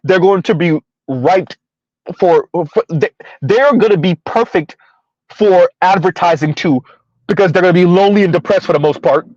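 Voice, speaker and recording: A man's voice: high-pitched, normal speed, a little mellow, no echo, dull audio. A man in his thirties giving casual livestream commentary, rambling and repeating himself, laughing at his own jokes.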